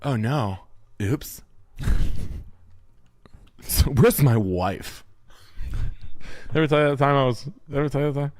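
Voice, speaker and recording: A man telling a casual, rambling story, loud and animated, with stumbling restarts. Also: mid-range voice, slow, long pauses.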